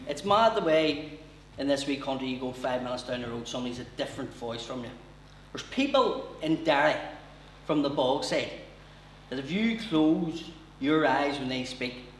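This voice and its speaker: A man's voice: fairly high pitch, lively intonation, normal speed, echoey room, far from the mic, a little hiss or hum, rough recording. A man with a Northern Irish accent doing a brash, sweary stand-up comedy routine at a live venue.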